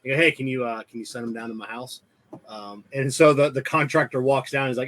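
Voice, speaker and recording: A man's voice: medium pitch, brisk, pushed and bright. A man in casual podcast chat, telling rambling anecdotes and acting out what workers told him. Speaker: podcast co-host.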